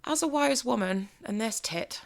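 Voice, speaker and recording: A woman's voice: fairly high pitch, normal speed, creaky. A young woman, chatting theatrically and acting out quotes as a podcast co-host. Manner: lively, theatrical, swears, acts out quotes. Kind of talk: casual chat.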